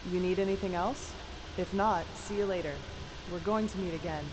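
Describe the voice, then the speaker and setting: Game voice, woman playing a thoughtful healer mage, lowish voice, audible background noise. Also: moderate pace, natural voice. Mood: reassuring. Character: calm female mage healer, mysterious. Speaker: game character.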